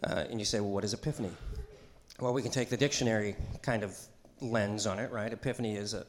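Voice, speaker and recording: A man's voice: fairly low pitch, steady tone, fast talker, reverberant, slight background noise. A middle-aged man, a pastor, giving a conversational sermon in a church, chatty and joking, with asides and call-and-response to the congregation. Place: church sanctuary.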